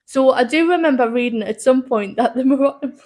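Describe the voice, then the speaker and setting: Girl podcasting, kinda high voice, giggles a lot, loses her place in the script. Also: brisk, darkish tone. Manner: giggly, rambling, often laughing mid-sentence. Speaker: podcast co-host. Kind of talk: casual chat, reading a loose script.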